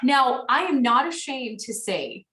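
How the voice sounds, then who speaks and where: In a very echoey room and distant from the microphone, a thirtysomething woman fires up her sales team on a call with frank, chatty encouragement. She's highly animated yet unhurried, her somewhat high voice pushed and bright.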